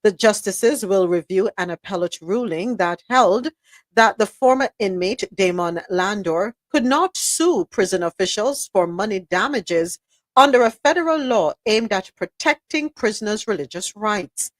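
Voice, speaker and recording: A woman's voice: medium pitch, lively intonation, unhurried, no room sound. A woman podcast host reading a news article aloud, breaking off now and then to add her own indignant remarks.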